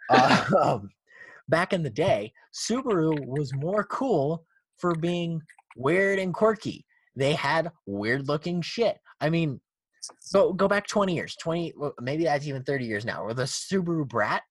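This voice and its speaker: Animated, cursing guy ranting. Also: fairly high pitch, measured pace, slightly rough, dry recording. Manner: profane, animated, laughing ranter. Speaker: podcast host. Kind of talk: casual car chat.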